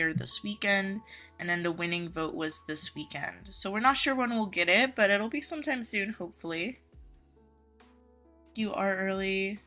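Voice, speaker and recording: A woman's voice: medium pitch, bright, forceful tone. A young woman live-streaming a game from her home office, reading viewer comments aloud and greeting chatters by name in a friendly, chatty way.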